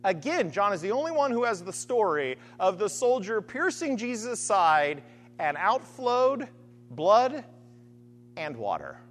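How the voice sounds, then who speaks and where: A woman's voice: medium pitch, big pitch swings, measured pace. A woman preaching a sermon, building repeated refrains and asking rhetorical questions. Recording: long hall reverb.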